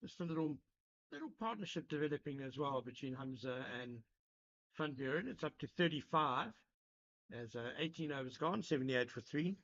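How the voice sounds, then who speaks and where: A man giving live cricket commentary, measured and analytical, chatting with his co-commentator. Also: fairly high pitch, expressive, a bit bright. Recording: lo-fi broadcast sound.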